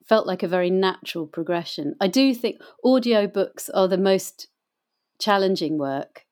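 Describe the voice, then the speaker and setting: Speaking at a normal speed, this female voice actor and audiobook reader chats as an interview guest, her stories rambling and packed with fillers. She is middle-aged, with a medium-pitched, slightly mellow voice and lively intonation.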